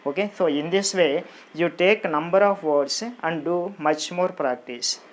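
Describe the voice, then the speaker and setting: A teacher gives an exam-prep grammar lesson, repeating each word slowly and counting out its syllables. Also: mid-range voice, slight background noise. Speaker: English teacher.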